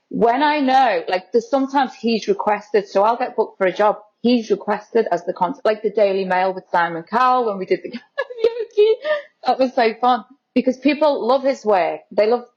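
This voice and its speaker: A woman's voice: on the high side, expressive, normal speed, a little mellow, highs cut off. Chatty laughing woman guest. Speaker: guest, lookalike model. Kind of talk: casual interview chat.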